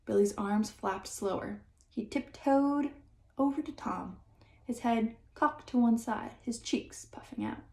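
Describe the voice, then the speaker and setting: A woman reading a children's chapter book aloud in a lively, expressive storytelling manner. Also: on the high side, unhurried. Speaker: audiobook reader. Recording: roomy echo.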